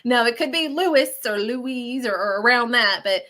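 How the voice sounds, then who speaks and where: Woman psychic, bright, forceful tone, chatty and reassuring. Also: fairly high pitch, normal speed. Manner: chatty and animated, often checking in with "okay?". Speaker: psychic medium giving live readings. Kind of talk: live radio show reading.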